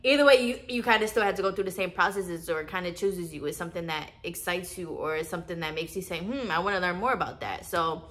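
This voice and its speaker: A young woman talking casually to her viewers in a spiritual vlog. She is animated and swears often, and she laughs a lot. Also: fairly low pitch, fast talker, few pauses. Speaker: vlogger.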